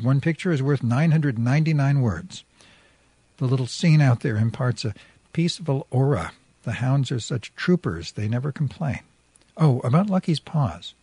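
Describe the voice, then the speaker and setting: A man's voice: mid-range voice, mellow, slightly rough, no room sound. A man, a radio host, reading a first-person story chapter aloud in a dry, wry narrating voice.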